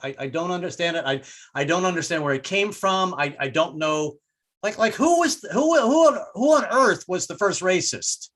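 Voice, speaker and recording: A man's voice: fairly high pitch, animated, moderate pace, fairly bright tone. An older man doing a stand-up comedy set, rambling and self-deprecating with many restarts.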